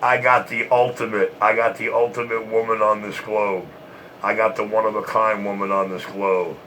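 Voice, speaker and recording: A man's voice: lowish voice, little pitch movement, moderate pace, very noisy. A man trash-talking and taunting in a repetitive, boastful way, short of breath from smoking.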